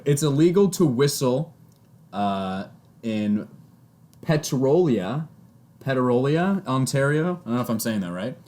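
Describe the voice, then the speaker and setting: A young man with a Canadian accent co-hosts a casual podcast, reading out odd laws and giggling often. His voice is medium-pitched with a darkish tone.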